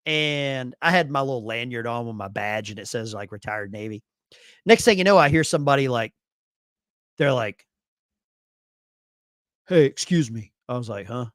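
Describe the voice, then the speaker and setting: A man swapping stories on a live stream, his pitch jumping lively as he acts out what people said. His voice sits at a middle pitch and sounds dry and close. He talks in a loose, casual way. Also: normal speed, clear, resonant tone, no echo. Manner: animated, acts out quoted voices. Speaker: co-host of a veterans' live stream. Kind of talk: casual storytelling chat.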